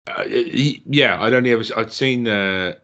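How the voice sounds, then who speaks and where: A man's voice: fairly low pitch, normal speed, creaky, a bit bright. An easygoing man co-hosting a podcast, chatting casually about a wrestling show and laughing often. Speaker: podcast co-host. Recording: dull lo-fi mic.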